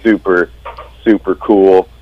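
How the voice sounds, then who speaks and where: A man's voice: deep voice, fairly even intonation, slow pace, phone-quality sound. A man telling sardonic stories in a casual podcast chat. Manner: sardonic storyteller.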